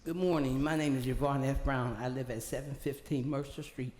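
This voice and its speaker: A woman's voice: extremely low pitch, steady tone, a little fast, a little mellow. An older woman giving an emphatic, rambling public comment at a podium microphone in a large council chamber. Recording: echoey hall.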